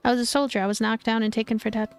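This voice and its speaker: Tired hurt ex-soldier lady in a game, woman reading her lines, guarded and shaken, soft music underneath. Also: fairly high pitch, little pitch movement, racing, smooth, no room sound, lightly acted. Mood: weary. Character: wounded female ex-soldier, weary and guarded.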